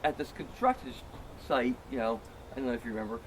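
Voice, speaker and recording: A man's voice: mid-range voice, quick pace, a loud crowd. A middle-aged man telling a long, self-mocking story among friends, full of "um" and "you know.". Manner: rambling, filler-heavy, self-mocking. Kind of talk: casual anecdote.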